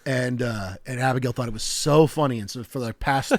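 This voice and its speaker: Chatty man rambling with animated enthusiasm. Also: medium pitch, fairly quick, dry recording. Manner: rambling, animated storyteller with many fillers. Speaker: podcast co-host. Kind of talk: casual chat.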